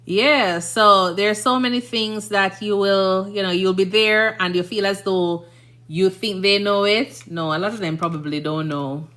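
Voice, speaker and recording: A woman's voice: mid-range voice, unhurried, a bit bright. A woman from Jamaica with a Jamaican accent, a nurse chatting casually on a livestream, rambling and often checking "you understand?".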